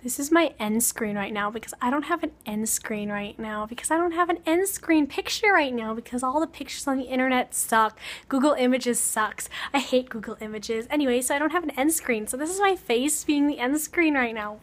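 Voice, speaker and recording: A young woman vlogs to the camera, telling a rambling, sarcastic story crammed with fillers. Her voice sits high and her delivery is brisk.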